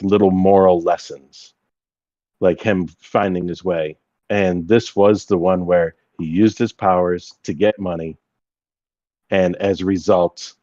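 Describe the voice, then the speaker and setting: Deep-voiced man, thoughtful, dry lo-fi sound. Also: darkish tone, no room sound. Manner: thoughtful, searching for words. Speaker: podcast guest. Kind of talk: casual chat about a film. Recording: dry, dull lo-fi recording.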